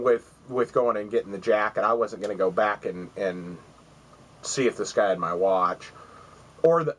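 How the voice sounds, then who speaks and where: A man's voice: lowish voice, fairly bright tone, low-quality recording. A man in his forties telling a rambling, profane story to camera, acting out the other voices as he goes. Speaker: vlogger.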